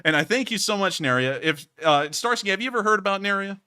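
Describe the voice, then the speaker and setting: A man's voice: high voice, lively intonation, quick pace, bright, forceful tone, smooth, no room sound. A man hosting a charity livestream who thanks donors effusively and explains the fundraiser. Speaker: livestream host.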